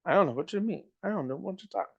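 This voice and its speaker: A man voicing a proud, sharp-tongued young princess who answers coldly and angers fast, in a storybook reading. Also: medium pitch, lively intonation, creaky, slightly rough, muffled recording, voice pushed up. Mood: indignant. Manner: cold, clipped, quickly angered.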